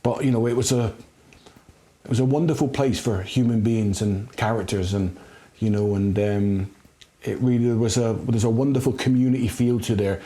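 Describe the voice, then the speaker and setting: A man's voice: mid-range voice, steady tone, moderate pace, mellow. A middle-aged former footballer from Scotland with a West Country accent and slight Scottish touches, telling his story reflectively with many fillers in a studio. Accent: West Country English with slight Scottish touches. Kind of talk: interview. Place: recording studio.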